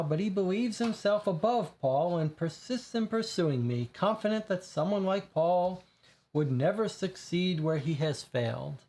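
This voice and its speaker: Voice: medium pitch, a little mellow. A reader voicing a composed, well-off young woman who speaks with slight haughtiness. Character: young wealthy woman, poised and proper.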